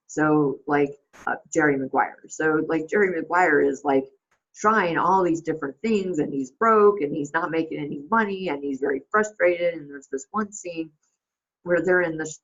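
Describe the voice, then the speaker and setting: A woman's voice: deep voice, normal speed, lo-fi sound. A woman hosting a casual reflective monologue, rambling with many fillers and restarts. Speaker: host.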